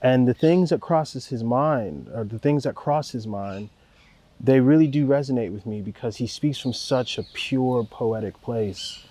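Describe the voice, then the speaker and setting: A man's voice: mid-range voice, measured pace. A young man, a record producer, talking casually in an interview, laid-back and rambling, swearing freely as he praises the people he works with. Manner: calm and warm-spoken.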